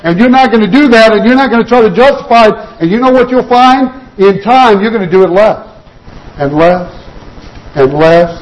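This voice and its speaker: High-voiced earnest man preaching. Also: low-quality recording. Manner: earnest exhortation with repeated "you've got to" phrases; slows and drops quieter on key points. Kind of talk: sermon.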